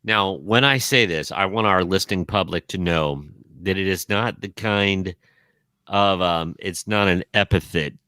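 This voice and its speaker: Man, podcast co-host, low voice, bright tone, dry close sound. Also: a little slow, clear, resonant tone, no echo. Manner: wry, hedging, careful disclaimers. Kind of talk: casual podcast banter.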